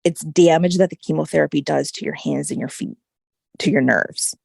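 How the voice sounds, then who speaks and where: A woman guest telling a personal story in casual conversation, animated and full of "like" and "right?" fillers. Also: sits low, normal speed, gravelly, husky, no room sound, clean studio sound. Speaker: podcast guest.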